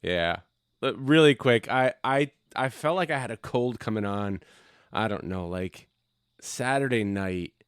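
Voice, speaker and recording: A man's voice: fairly low pitch, expressive, a little slow, clean tone, no room sound, clean studio sound. A young adult man who co-hosts a podcast, telling profane stories in casual chat and acting out the people in them. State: recovering from covid. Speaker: podcast co-host. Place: home basement.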